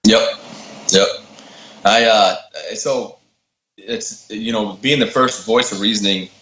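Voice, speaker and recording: A man in his thirties, a podcast guest, telling stories in a casual, animated way and acting out the quotes. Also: on the low side, takes it slowly. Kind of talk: casual storytelling. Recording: roomy, slightly dull sound with faint ambience.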